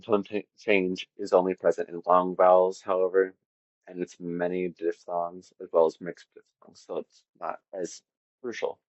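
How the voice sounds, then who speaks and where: Very deep-voiced man explaining phonetics. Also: dry recording, lo-fi sound. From half Latvian. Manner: self-deprecating, casual asides. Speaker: educational video host. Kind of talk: informal lesson narration.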